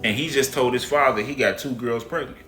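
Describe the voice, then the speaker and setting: A man's voice: medium pitch, a little fast, sharp tone, echoey room, soft background music. A man narrating a moral story in a casual, conversational way.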